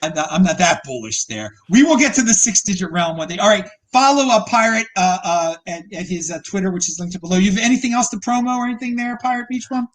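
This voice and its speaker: Animated joking male podcast host. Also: high-pitched, fast, hardly any pauses. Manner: excitable, joking, stumbles over words. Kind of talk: casual podcast banter.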